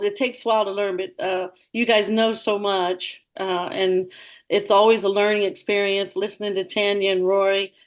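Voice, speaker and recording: A chatty, effusive middle-aged woman speaking on a video call with a group. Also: medium pitch. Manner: chatty, effusive, laughs often. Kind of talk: casual chat.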